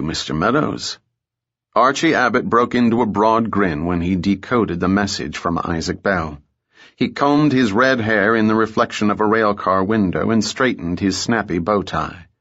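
A man narrating an audiobook in a measured, steady storytelling manner. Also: on the low side, lo-fi sound. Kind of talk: scripted narration.

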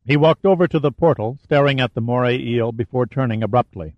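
A man reading a thriller aloud as narrator in a steady, dramatic storytelling manner. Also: medium pitch, a little fast, few pauses, dry recording, lo-fi sound. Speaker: audiobook narrator. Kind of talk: scripted narration.

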